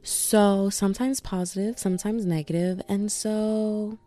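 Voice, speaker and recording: A woman's voice: medium pitch, fairly even intonation, unhurried, mellow, soft background music. A young woman vlogging in a chatty, rambling way, full of asides and "like"s. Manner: chatty, self-interrupting, many "like"s. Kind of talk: casual rambling chat.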